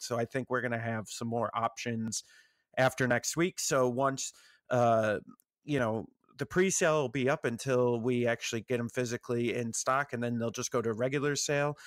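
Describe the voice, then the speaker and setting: Rambling, self-mocking podcast co-host. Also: male voice, medium pitch, no room sound, studio quality. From United States. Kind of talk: casual podcast chat.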